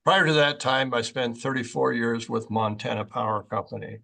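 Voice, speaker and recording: An older man who is a town mayor, giving a halting public comment with repeated words and fillers. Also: mid-range voice, little pitch movement, creaky, pushed and bright.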